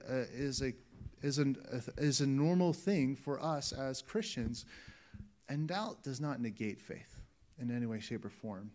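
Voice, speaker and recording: A man preaching a sermon as a pastor, earnest and emphatic, often restarting his phrases. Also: fairly high pitch.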